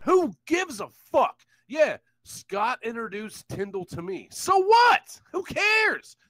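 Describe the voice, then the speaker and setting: A young man rants on a live stream, loud and profane, mocking with bursts of laughter. His voice sits high and swings widely in pitch. The sound is dry and close. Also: wildly swooping pitch, takes it slowly, dry recording. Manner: loud profane ranting, frequent swearing, laughing mockery. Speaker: livestream host.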